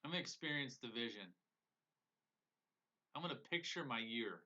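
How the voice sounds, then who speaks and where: Animated and moderately paced, this man's bright, forceful mid-range voice drives his live-streamed motivational coaching. As a business coach, he speaks to viewers earnestly and emotionally, repeating phrases for emphasis over dull lo-fi audio.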